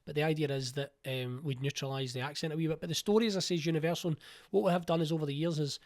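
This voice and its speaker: Fast-talking Glaswegian man in his forties. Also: on the high side, fairly even intonation, a little mellow. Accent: Glaswegian Scottish. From Scotland. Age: 40s. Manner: fast, eager, rambling with restarts. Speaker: playwright and producer, interview guest. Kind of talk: casual interview chat.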